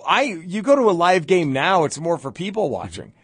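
A man, a comedian guest on a sports radio show, telling a story in an animated way and loudly mimicking rowdy fans, recorded on a close studio mic. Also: on the high side, moderate pace, breathy edge, no room sound. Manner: excitable, shouts when quoting hostile fans.

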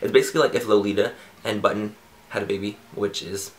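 A man's voice: on the low side, fairly even intonation, fast, a little hiss or hum. A man chatting as a beauty vlogger in a casual outro and bloopers, bubbly and rambling, mocking himself and swearing offhandedly.

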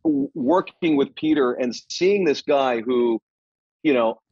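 Animated middle-aged man telling stories. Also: mid-range voice, slow, vocal fry, breathy edge, no echo, muffled recording. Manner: animated, swears casually, many restarts. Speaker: guest actor. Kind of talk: casual anecdotal storytelling.

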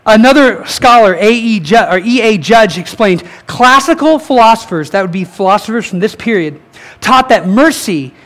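A male pastor giving a sermon, reading quotes aloud and asking his congregation questions, correcting himself as he goes. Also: sits high. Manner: animated preaching, reads quotes aloud, corrects slips, asks the crowd questions.

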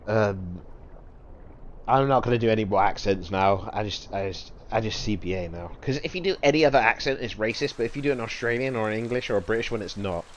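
Low-voiced young male streamer rambling. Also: fast, a little hiss or hum. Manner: rambling, offhand, loose slang. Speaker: livestreamer. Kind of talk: casual chat to stream viewers.

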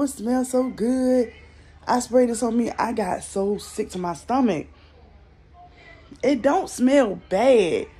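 This young woman from the American South vlogs from her bed on a phone, talking to her viewers in a blunt, casual way full of swearing. Her voice is a little high, warm in tone and slightly rough.

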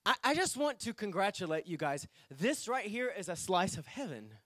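A man's voice: high voice, very animated, moderate pace, pushed and bright, no room sound, clean studio sound. A man preaching a sermon to his congregation, reading scripture aloud and speaking to the people directly. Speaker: pastor. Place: church sanctuary.

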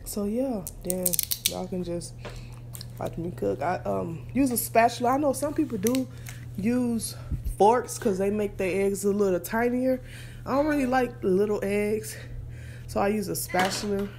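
A woman's voice: mid-range voice, unhurried, background noise. Young woman, home cooking vlogger, loose and chatty, talks right at the viewers, fills gaps with "um". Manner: chatty, relaxed, many fillers, speaks straight to viewers. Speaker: vlogger and mother. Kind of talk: casual cooking vlog chat. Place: home kitchen, indoors.

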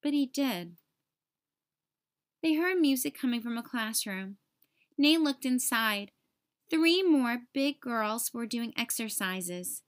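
Woman teacher, children's read-aloud, high lively voice, unhurried. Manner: expressive, sing-song storytelling.

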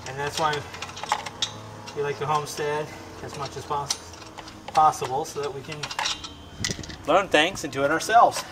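A man's voice: on the high side, steady tone, moderate pace, long pauses, noisy background. A man hosting a homestead channel, talking viewers through a car repair in his garage in a chatty, self-mocking way while he works. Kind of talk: casual DIY repair tutorial. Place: home garage beside a car.

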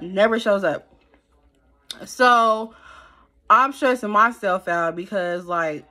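Animated young woman telling a story. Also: medium pitch. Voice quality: animated, slangy and conversational, with many fillers. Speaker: storytime vlogger. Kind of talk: casual storytelling to camera.

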